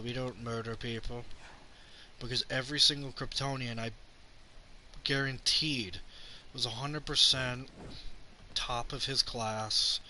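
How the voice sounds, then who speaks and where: A man's voice: mid-range voice, bright, forceful tone, a little hiss or hum. A young man ranting sarcastically about a film on his channel, swearing often and mocking characters' lines as he retells scenes. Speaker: channel host reviewing a film. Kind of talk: rambling profane movie rant.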